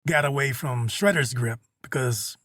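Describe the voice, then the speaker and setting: A man's voice: mid-range voice, unhurried, fairly bright tone, dry recording, studio quality. A man on a podcast, chiming in with brief agreeing remarks and short explanations. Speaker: podcast co-host. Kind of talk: casual chat.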